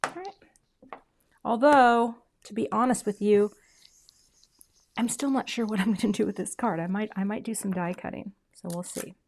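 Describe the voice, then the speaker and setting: Middle-aged woman, craft video host, casual chatty demo, self-deprecating, soft murmurs while working. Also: medium pitch, fairly even intonation, normal speed, a little hiss or hum.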